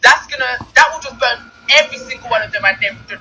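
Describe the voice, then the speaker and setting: A woman's voice: fairly high pitch, quick pace, sharp tone, slight background noise, rough recording. A woman chatting casually in a voice note, laying out a plan. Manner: scheming, chatty.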